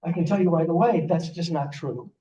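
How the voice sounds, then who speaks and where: Brisk and warm, the slightly high voice of an older rabbi carries a sermon through a synagogue sanctuary. He tells stories with earnest feeling and keeps restarting. The audio is dull, echoey, and distant.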